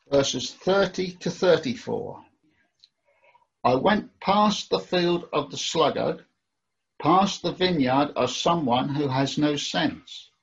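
Slow, husky man reading scripture. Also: on the high side. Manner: careful, deliberate reading. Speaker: scripture reader. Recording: dull lo-fi recording.

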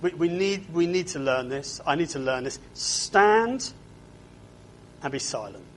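A man's voice: on the high side, animated, brisk, slight background noise. A man preaching a sermon, often asking his listeners to agree and repeating his words.

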